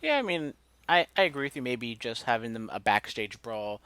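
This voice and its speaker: A man's voice: mid-range voice, very animated, fairly quick, sharp tone, clean tone, dry recording. A man casually recapping a wrestling show as a podcast co-host, joking and ranting with mock outrage.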